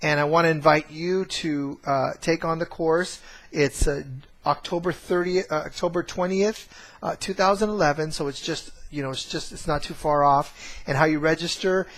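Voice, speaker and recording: A man's voice: fairly high pitch, fairly even intonation, normal speed, fairly bright tone. A man casually telling a family story to camera, rambling with many fillers and restarts. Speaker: course trainer.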